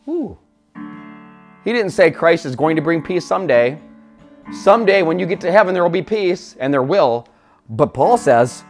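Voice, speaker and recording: A man delivers a heartfelt sermon at a middle pitch, moving from quiet, reflective asides to impassioned, near-shouted declarations. A gentle guitar plays faintly behind him. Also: lively intonation, normal speed. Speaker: pastor.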